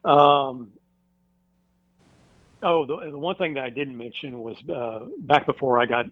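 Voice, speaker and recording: Man telling a story with halting restarts. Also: medium pitch, no room sound. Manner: halting, with many fillers and restarts. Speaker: podcast guest; firefighter. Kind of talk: storytelling in a casual interview. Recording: dull dry recording.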